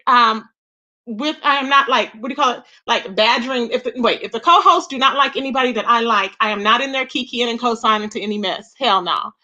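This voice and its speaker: A woman hosting a livestream, chatting casually with viewers, gossipy and animated, thanking them by name and laughing often. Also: sits high, dull audio. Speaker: livestream host.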